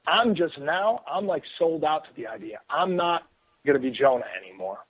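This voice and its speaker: A high-pitched man talks fast and loose, piling up fillers and restarts. His voice comes through husky and thin over a tinny phone line. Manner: excitable, rambling, frequent restarts and fillers. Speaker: guest author. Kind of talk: casual storytelling on a call-in radio show.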